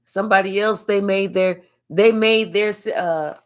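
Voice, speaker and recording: A woman doing a casual spiritual reading to camera, profane and animated, stretching out words for emphasis. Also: medium pitch, unhurried. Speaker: tarot reader.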